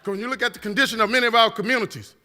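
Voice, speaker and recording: Man, high voice, church keynote, passionate, repetitive rhythmic build, humorous asides. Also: very fast, pushed and bright, a faint crowd. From New Orleans, USA. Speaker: guest speaker. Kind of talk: impassioned church keynote speech. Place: church sanctuary. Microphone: standing at a mic.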